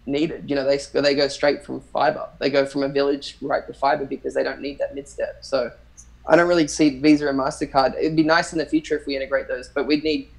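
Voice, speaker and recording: A man's voice: medium pitch, little pitch movement, a little fast, gravelly, low-quality recording. An Australian man chatting casually as a livestream guest, rambling and thinking aloud with many restarts. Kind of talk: casual chat.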